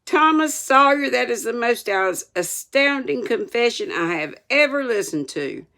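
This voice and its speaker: A woman voicing a strict, pompous older male schoolmaster who barks sharp, scolding commands in a storybook reading. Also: medium pitch, big pitch swings, measured pace, creaky, heavily acted. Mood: aghast.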